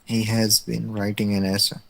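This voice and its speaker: A man's voice: fairly low pitch, little pitch movement, moderate pace, vocal fry, a bit bright, low-quality recording. A man answering grammar quiz questions in a live lesson, giving short, polite, tentative replies. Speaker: student.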